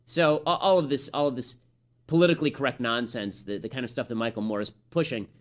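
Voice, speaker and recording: A man giving a rapid, combative and sarcastic political commentary monologue, often restarting his phrases. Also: mid-range voice.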